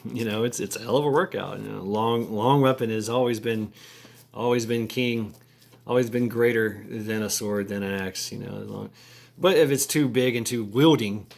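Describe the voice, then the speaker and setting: A man talking casually to camera in a halting, rambling way, full of fillers, restarts and crude slangy asides. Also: fairly low pitch, gravelly, darkish tone. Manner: halting, many repeated words and fillers. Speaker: vlogger.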